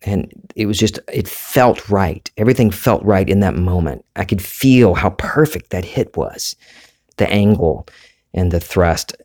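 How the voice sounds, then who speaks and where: Southern guy w a low voice, thoughtful, just telling stories to his listeners. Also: animated, unhurried, darkish tone. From Deep South, USA. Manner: thoughtful, storytelling, self-reflective. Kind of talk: reflective monologue.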